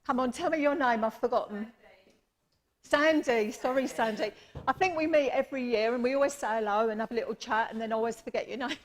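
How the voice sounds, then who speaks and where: Chatty woman medium, fairly high voice. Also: brisk. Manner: affectionate, chatty, apologetic, calls listeners my lovely. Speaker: medium giving readings. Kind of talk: live mediumship demonstration. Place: church service.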